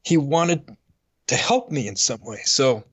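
A middle-aged man on a faith podcast, telling a personal story in an earnest, halting way and getting choked up. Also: mid-range voice, animated, breathy edge, no echo. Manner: earnest, halting, with frequent restarts. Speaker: podcast co-host.

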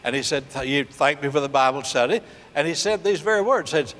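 An older man preaching a sermon, telling a story and acting out the voices, slowing down to stress key points. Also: fairly high pitch, very animated, fairly bright tone, big-room sound. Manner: storytelling preacher, acts out dialogue, slows for emphasis. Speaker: pastor.

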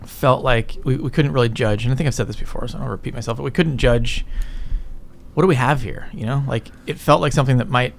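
A man's voice: medium pitch, fast, gravelly, a little hiss or hum. A middle-aged man, a business guest in an interview, talking casually in a rambling way, swearing often and tagging his points with "right?". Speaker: guest entrepreneur.

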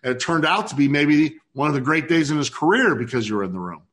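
A man's voice: a little high, expressive, fast talker, a bit bright. A man hosting a business podcast, reacting with enthusiasm and asking questions. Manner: enthusiastic, effusive interviewer. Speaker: podcast host. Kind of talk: interviewing.

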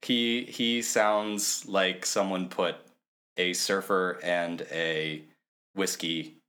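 Male podcast co-host, low voice, dry joker. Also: steady tone, drawn-out words, pushed and bright. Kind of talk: casual comedic chat.

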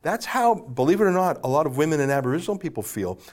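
A man's voice: fairly high pitch, sing-song, fast talker, darkish tone. A man giving opinionated political commentary in an emphatic, scornful way, with frequent restarts.

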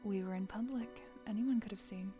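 A woman's voice: mid-range voice, fairly quick, dark tone, faint music behind, natural voice. A woman voicing a sly teenage girl radio host who teases and deflects, in a tabletop role-play. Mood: coy. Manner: cool, teasing, coy.

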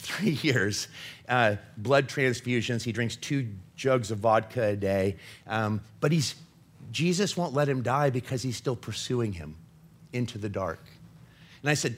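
A man giving an impassioned faith talk as a Christian author, earnest and confessional, swinging between urgent and hushed. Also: mid-range voice.

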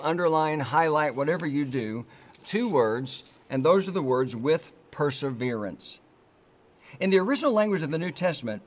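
Male pastor from the United States, mid-pitched voice, delivers an earnest, measured sermon with deliberate emphasis.

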